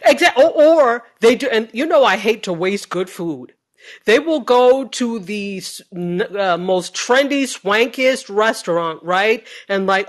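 A woman's voice: on the high side, lively intonation. A woman co-hosting a casual chat, telling stories with emphasis and acting out quotes. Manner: emphatic, drawn-out storytelling with mock quotes. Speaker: podcast co-host. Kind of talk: casual reality-TV recap chat.

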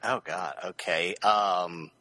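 A man's voice: low-pitched, steady tone, slow, sharp tone, no room sound. A man playing a text adventure with a friend, hesitant with many ums and full of dry joking asides. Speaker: guest player. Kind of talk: casual chat playing a game.

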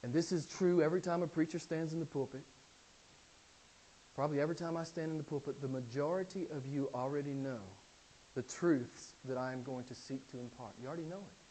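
Preacher with dramatic loud-soft swings. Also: male voice, a little high, fairly quick, slight background noise, low-quality recording. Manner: dramatic swings from loud emphasis to near-whispers; repeats key phrases for emphasis. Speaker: pastor. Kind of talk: sermon. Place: church pulpit.

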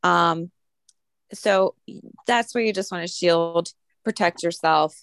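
A woman's voice: lowish voice, slow, fairly bright tone, smooth, no room sound. A woman co-hosting a spiritual podcast, explaining an exercise in a rambling, casual way with many fillers. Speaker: podcast co-host.

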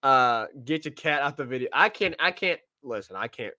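A man's voice: medium pitch, lively intonation, moderate pace, bright, forceful tone. A man co-hosting a sports podcast, chatting casually and often laughing, with plenty of fillers.

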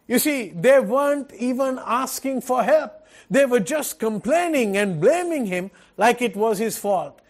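A man delivers an earnest sermon. He preaches at a measured, unhurried pace in a fairly high voice, circling back to his points with repeated phrases and rhetorical questions. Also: animated. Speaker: pastor.

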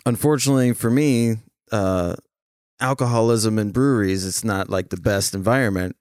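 A man hosting a casual chat, relaxed and chiming in with quick agreement. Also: fairly low pitch, clear, resonant tone, no echo, clean studio sound.

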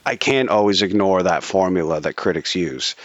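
A man's voice: deep voice, expressive, normal speed, no echo, lo-fi sound. A man co-hosting a casual chat, opinionated and swearing freely, with many restarts. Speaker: podcast co-host.

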